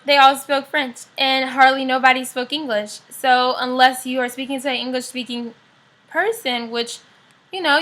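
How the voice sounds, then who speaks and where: A woman's voice: sits high, pushed and bright. A young American woman chatting casually in a vlog, upbeat and rambling with frequent fillers. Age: young adult. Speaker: vlogger.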